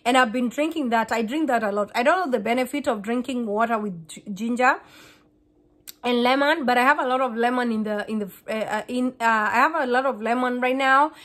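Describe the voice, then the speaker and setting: A woman, a Kikuyu speaker, chatting fast to camera in a casual vlog, often repeating and restarting words. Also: fairly high pitch, a bit bright. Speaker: vlogger.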